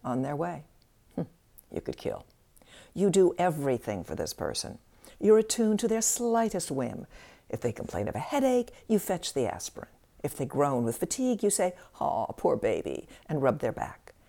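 A woman with a low, gravelly voice delivers a scripted self-help talk. Her delivery swings widely and expressively, with a wry edge. The tone is dark and mellow. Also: big pitch swings, normal speed.

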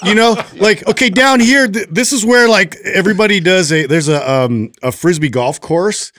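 A man's voice: high voice, moderate pace, fairly bright tone, dry recording. A man co-hosting a fitness podcast, telling a story in a rambling casual way, full of filler words, on a studio mic. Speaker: podcast co-host. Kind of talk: casual chat.

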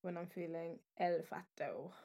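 A woman's voice: on the low side, fairly even intonation, measured pace, heavy background noise. A young woman co-hosting a podcast, bubbly and giggly in casual chat. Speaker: podcast co-host.

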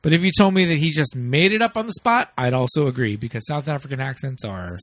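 A man's voice: a little high, lively intonation, dry recording. Chatty man on a dry podcast mic. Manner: chatty, lots of "you know" and quick laughs. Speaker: podcast co-host. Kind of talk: casual movie chat.

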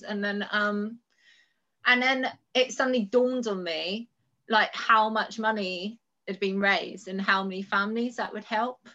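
A woman from the UK, a mother and podcast guest, telling a story in an animated, laughing way. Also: medium pitch, moderate pace, highs cut off. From United Kingdom. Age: adult with school-age children. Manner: animated, laughs often, breaks into squeals. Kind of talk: casual storytelling chat.

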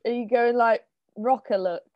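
A woman's voice: a little high, steady tone, moderate pace, no echo, muffled recording. A woman guesting as a musician in a radio chat, blunt and wry, a bit stressed. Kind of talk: casual chat.

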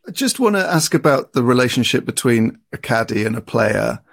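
A man's voice: mid-range voice, very animated, a little fast, gravelly, a bit bright. A man hosting a podcast, asking guests questions in a loose, conversational way. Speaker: podcast host. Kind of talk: interview questions.

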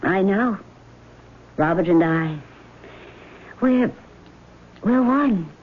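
An actress playing a vengeful female ghost in a 1970s radio drama, speaking slowly and sometimes whispering. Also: mid-range voice, expressive. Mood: cold, menacing. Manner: slow, measured, sometimes whispering. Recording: tinny old radio broadcast with faint hiss.

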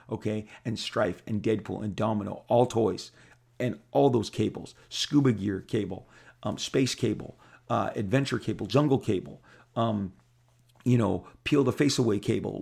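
A man's voice: on the low side, gravelly, darkish tone, slightly rough. A man in his fifties telling casual stories in a rambling way, with many repeated words and restarts. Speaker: comic artist telling stories. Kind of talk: casual storytelling monologue.

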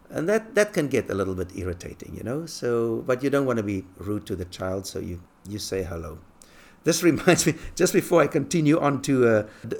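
A man from England who lives abroad, telling relaxed, chuckling anecdotes in a casual monologue. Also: medium pitch. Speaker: expat talking about life abroad.

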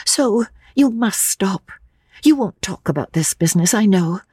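A woman voicing a nervous, flustered young woman who stammers in a high voice. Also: animated, a little slow, darkish tone, slightly rough, no echo, studio quality. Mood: anxious.

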